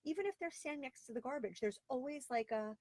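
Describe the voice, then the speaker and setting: A woman's voice: high voice, expressive, quick pace, darkish tone, no room sound. Woman, 30s, live-stream host, candid, exasperated, chatty, dry close sound. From Florida, via Long Island. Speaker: host of a live video show. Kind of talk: casual live-stream chat reading viewer comments. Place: home closet.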